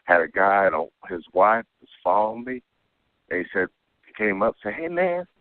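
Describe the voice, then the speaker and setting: A man's voice: deep voice, a little fast, no echo. A man calling in to tell a rambling personal story, checking in with "okay?" again and again. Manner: rambling, keeps adding "okay?". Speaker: caller telling an alien abduction story. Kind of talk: casual phone-in storytelling. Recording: tinny dry phone line.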